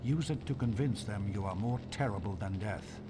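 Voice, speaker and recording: A man's voice: fairly low pitch, normal speed, music in the background, close to an everyday voice. A man voicing a grave, commanding mentor character training a young warrior in a video game. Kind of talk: game cutscene voice acting. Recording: game audio with loud background noise.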